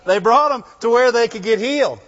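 High-voiced preacher in an echoing hall. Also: male voice, brisk. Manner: animated, rhetorical questions, bursts of "Glory to God". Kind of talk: sermon. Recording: dull lo-fi sound in a reverberant hall.

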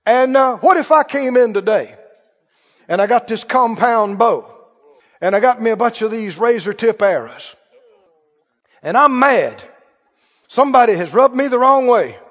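A man's voice: extremely high pitch, lively intonation, unhurried, long pauses, a bit bright. A man preaching a sermon as pastor, talking conversationally and quizzing his congregation with questions. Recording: muffled, reverberant hall.

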